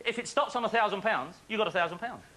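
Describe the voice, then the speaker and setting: A man presenting a phone-in quiz on a studio show, chatty and jokey with quick patter and frequent laughs. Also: high-pitched, lively intonation. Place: TV studio with live audience. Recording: faint audience and studio noise.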